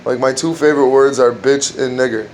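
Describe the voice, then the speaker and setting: A man riffs through crude jokes in a dark room at home, rambling and restarting his lines as he goes. His voice sits at an ordinary middle pitch. A faint air-conditioning hum runs behind him. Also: steady tone, fairly quick. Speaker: amateur comedian trying out jokes. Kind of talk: casual joke-telling at home.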